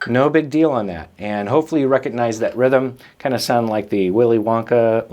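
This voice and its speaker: A man's voice: medium pitch, a little fast, few pauses, a little mellow, lo-fi sound. A man hosting a drum lesson, explaining rhythms patiently and counting the beats aloud. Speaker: drum teacher and host.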